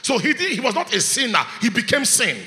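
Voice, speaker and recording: A man, preaching a sermon as pastor, swinging between shouts and hushed lines. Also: very high voice, big pitch swings, fairly quick, in a large hall, faint music behind. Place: church hall.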